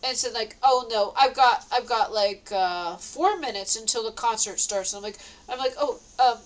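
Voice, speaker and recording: Woman, casual storytelling vlog; rambling, restarts often, slightly high voice, breathless retelling. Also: moderate pace, rough recording. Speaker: vlogger.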